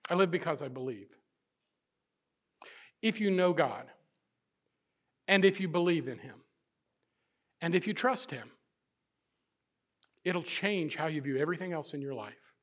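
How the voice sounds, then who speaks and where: A middle-aged man preaching a sermon as pastor, swinging between loud emphasis and hushed, intimate passages. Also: high voice.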